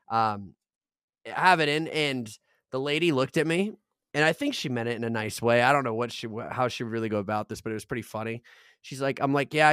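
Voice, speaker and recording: Animated young man telling a story. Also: medium pitch, clear, resonant tone, dry recording, clean studio sound. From Arizona, United States. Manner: animated, swears a lot, acts out voices in his stories. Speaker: podcast co-host. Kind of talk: casual storytelling chat.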